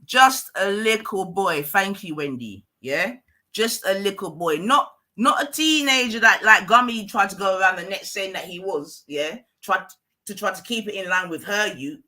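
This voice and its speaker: A woman's voice: medium pitch, animated, moderate pace, bright, forceful tone, slight background noise. A woman ranting on her own live stream, emphatic and repetitive, often asking the listener whether they follow. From London.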